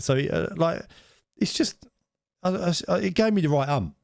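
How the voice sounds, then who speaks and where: A man's voice: fairly high pitch, normal speed, creaky, no room sound, clean studio sound. A man, co-hosting a casual podcast and telling stories animatedly with many restarts. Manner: animated storyteller, repeats and restarts phrases. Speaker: podcast co-host. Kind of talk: casual chat.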